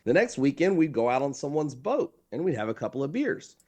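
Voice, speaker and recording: Animated warm-voiced man, emphatic. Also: medium pitch, brisk. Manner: emphatic, animated, repeats key phrases. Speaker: marketing consultant guest. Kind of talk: conversational interview storytelling.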